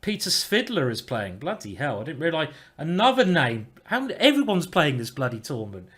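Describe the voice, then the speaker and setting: A man's voice: a little high, big pitch swings, fairly quick, a bit bright. A man, commenting chattily and rambling a bit as he plays chess on a live stream. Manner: chatty, rambling, with mild swearing. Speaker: chess grandmaster streaming his games.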